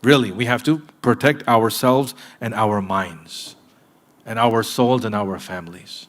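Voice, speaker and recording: A man preaching a sermon in a mosque, earnest and direct with his listeners, moving between emphatic points and hushed asides. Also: on the low side, measured pace. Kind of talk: sermon to a live congregation.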